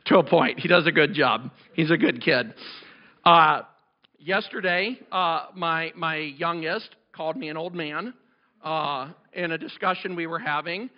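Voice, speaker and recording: A middle-aged male pastor preaching a sermon, loud and passionate with chatty asides, his voice cracking from overuse. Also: fairly high pitch, a little slow, highs cut off. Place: church sanctuary.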